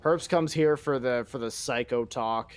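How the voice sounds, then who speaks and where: A man's voice: medium pitch, unhurried, clear, resonant tone. A man streaming a game live, rambling and joking in casual chat and swearing freely.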